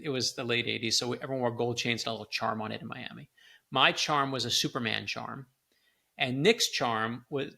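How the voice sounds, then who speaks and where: A middle-aged man with a bright, gravelly voice tells personal stories as a guest. He acts out the quoted people with lively shifts in his delivery. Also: medium pitch. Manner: animated storyteller, acts out quoted lines. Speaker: author and guest. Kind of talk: storytelling in a conversation.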